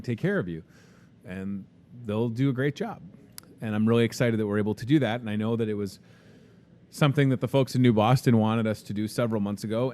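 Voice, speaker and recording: A young man with a Midwestern American accent hosts a casual live store promo in a low-ish, slightly mellow voice. He's chatty and upbeat, full of joking sales patter.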